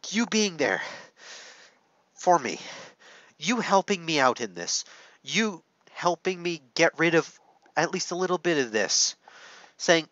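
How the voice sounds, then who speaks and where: A choked-up man speaks slowly and haltingly to camera, pausing often, cursing and restarting his sentences as emotion gets the better of him. His voice sits fairly high for a man. The recording is dry but dull and muffled. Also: very animated, fairly bright tone, dry recording. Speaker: content creator. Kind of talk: heartfelt confessional talk to camera. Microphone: camera setup.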